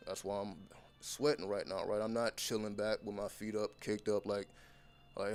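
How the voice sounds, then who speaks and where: A man's voice: fairly low pitch, little pitch movement, normal speed, a little mellow, clear, resonant tone. A man talking straight to his viewers as a content creator, delivering an unscripted motivational monologue that is blunt, intense and heavily profane.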